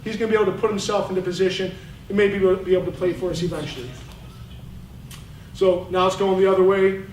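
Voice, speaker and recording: Fired-up football coach, distant and roomy. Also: male voice, high-pitched, fast. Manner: animated, blunt, fired up. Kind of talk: coaching clinic talk over game film. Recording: roomy, distant mic, faint noise.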